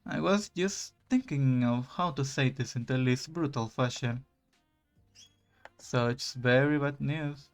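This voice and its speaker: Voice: mid-range voice, slow pace, soft background music. A streamer voicing a grim reaper in a visual novel, reading his lines with dry, exasperated put-downs. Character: grim reaper, aloof male, blunt and sarcastic. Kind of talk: reading game dialogue aloud.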